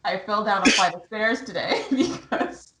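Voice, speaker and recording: A woman's voice: mid-range voice, lively intonation, normal speed, a bit bright. A young woman co-hosting a podcast in casual chat, laughing and joking at her own expense. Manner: chatty, laughing, self-mocking. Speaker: podcast co-host. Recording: roomy echo.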